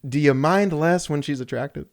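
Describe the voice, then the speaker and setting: A man's voice: a little high, normal speed. A young man co-hosting a podcast, joking around and laughing often as he riffs on made-up scenarios in casual chat. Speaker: podcast co-host.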